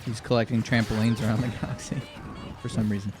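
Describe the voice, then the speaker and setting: A man's voice: on the low side, little pitch movement, fast talker, noisy background. A man co-hosting a casual gaming podcast, giggling and chiming in with short remarks. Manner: giggly, chimes in short bits. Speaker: podcast co-host.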